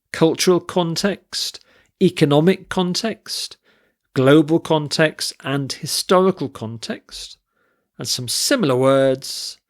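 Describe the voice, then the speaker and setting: A man teaching an English vocabulary lesson, listing word forms and reading example sentences carefully. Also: on the high side. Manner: slow, deliberate, spells out word forms and stress.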